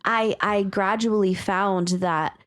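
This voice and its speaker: A woman's voice: medium pitch, steady tone, slow pace, fairly bright tone, clean tone, dry recording, clean studio sound. A woman, co-hosting a podcast and telling a casual story with frequent laughter. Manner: chatty storyteller, laughs often, some swearing. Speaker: podcast co-host. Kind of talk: casual chat. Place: West Texas.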